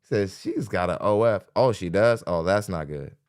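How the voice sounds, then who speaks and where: A man's voice: low-pitched, animated, moderate pace, a little mellow, clean tone. A man hosting a live podcast, giving skeptical, rambling reaction commentary with frequent restarts. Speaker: podcast host.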